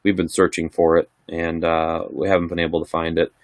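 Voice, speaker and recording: This middle-aged man's low, monotone voice runs fairly quick as he rambles through viewer questions on a relaxed livestream chat. There's no echo, and the audio is studio quality.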